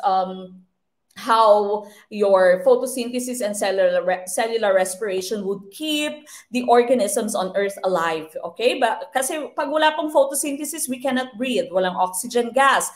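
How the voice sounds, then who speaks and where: A young adult woman with a Filipino accent teaches a live online exam review, switching between English and Tagalog and adding polite "po". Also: on the high side.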